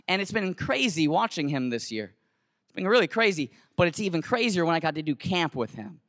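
High, bright-voiced man telling a story. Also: a little fast, no echo, studio quality. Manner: animated and conversational, slangy, with many restarts. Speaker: teacher and camp cabin leader. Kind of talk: storytelling talk to an audience.

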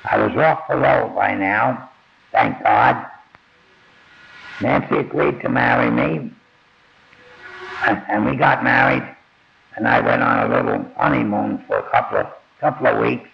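A man's voice: medium pitch, a little slow, pauses often. An older man telling his own life story in a plain-spoken, blunt way, swearing casually. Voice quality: gravelly. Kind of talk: first-person memoir storytelling. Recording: dull lo-fi audio.

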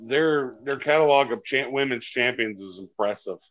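A man co-hosting a podcast in casual chat, even-tempered and measured, talking over headphones on an online call. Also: medium pitch. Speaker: podcast co-host. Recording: dull, dry lo-fi call audio.

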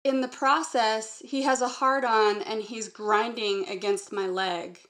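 A woman guest recounting a personal memory in an earnest, halting way, linking thoughts with repeated "and". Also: on the high side, steady tone, a bit bright. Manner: earnest, halting, strings sentences with "and". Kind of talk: personal testimony in conversation.

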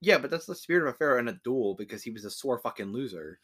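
A man's voice: mid-range voice, animated, racing, fairly bright tone, slightly rough. A young man co-hosting a podcast, joking crudely, laughing often and acting out quoted lines. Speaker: podcast co-host. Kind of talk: casual crude banter.

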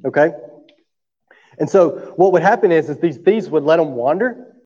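Warm and expressive, this pastor's fairly high voice moves a little slowly, with long pauses. He preaches conversationally in a church sanctuary, often asking the congregation "right?" and coughing now and then, captured with dull sound and long hall reverb.

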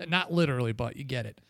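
A man's voice: mid-range voice, lively intonation, fairly quick, creaky, dry recording, clean studio sound. A man hosting a casual podcast chat, telling a long rambling story full of swearing and chuckles. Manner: profane, rambling, chuckles often. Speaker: podcast host.

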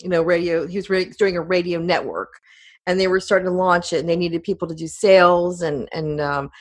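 A woman's voice: on the low side, steady tone, a little fast. A middle-aged woman, a podcast host appearing as a guest, chatting in a rambling, talkative way with frequent laughter. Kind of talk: casual interview chat.

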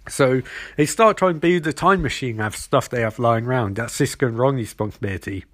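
A man's voice: medium pitch, brisk, no echo, clean studio sound. A man giving a rambling, sardonic comedic recap of a TV episode. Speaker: recap narrator.

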